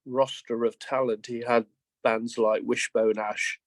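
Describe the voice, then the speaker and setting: An older man in his seventies chats as an interview guest, rambling through stories and stumbling over restarts. His voice sits at an ordinary pitch, recorded dry and close with no room sound. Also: little pitch movement, unhurried, no echo. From England. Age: 70s. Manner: rambling, anecdotal, frequent restarts. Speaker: guest musician. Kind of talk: casual interview.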